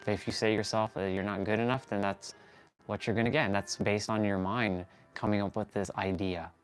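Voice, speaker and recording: A man's voice: on the low side, steady tone, brisk, clear, resonant tone, faint music behind. A man hosting a fitness and motivation livestream, giving an earnest, rambling pep talk while he stretches, often correcting himself mid-sentence.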